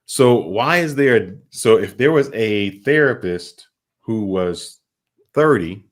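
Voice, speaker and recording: A man hosting a podcast interview, asking long, halting, rambling questions. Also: on the low side, lively intonation. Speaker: podcast host.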